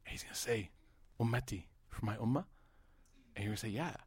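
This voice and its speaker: Thirties guy preaching, jokey and loud in stories then soft and earnest, dry close sound. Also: mid-range voice, fast talker, slightly rough, dry recording. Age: 30s. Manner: animated, jokes and rises loud in anecdotes, hushed and earnest in devotion. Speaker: Muslim preacher. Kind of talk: sermon with storytelling.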